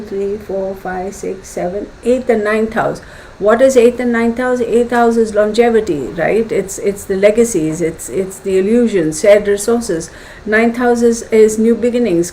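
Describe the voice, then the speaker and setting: Female tarot host, casual and rambling, mid pitch, faint noise floor. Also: darkish tone, rough recording. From United States. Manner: chatty, thinks aloud with fillers and acted asides. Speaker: tarot reader.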